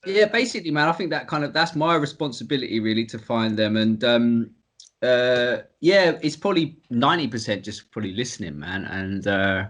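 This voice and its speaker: A man's voice: medium pitch, expressive, a little fast, fairly bright tone. A man who is a guest on a podcast, chatting casually with enthusiasm and frequent laughter. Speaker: podcast guest, cookbook co-founder. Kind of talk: casual chat.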